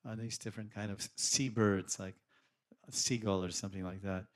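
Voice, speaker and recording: Low-voiced man giving a devotional lecture. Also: fairly even intonation. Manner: unhurried, repeats and rephrases terms, often halting. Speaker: spiritual lecturer.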